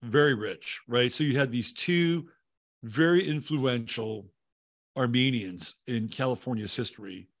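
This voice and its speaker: Streaming casually from home in Texas, this man reads viewer comments and rambles, restarting often, using many fillers and swearing casually. His mid-range voice is gravelly and a little slow, recorded at studio quality without echo.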